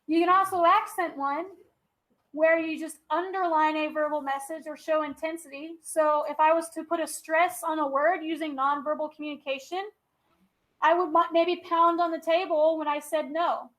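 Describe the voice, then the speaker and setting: A young woman gives a classroom lecture in a very high voice. She talks in a chatty way and keeps checking that her students follow. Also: fairly even intonation, normal speed, fairly bright tone, rough recording. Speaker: teacher.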